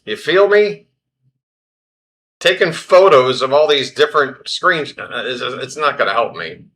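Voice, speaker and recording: A man's voice: medium pitch, animated, unhurried, fairly bright tone. A man hosting a live baseball stream, doing casual play-by-play in a flustered, self-deprecating way and talking to himself.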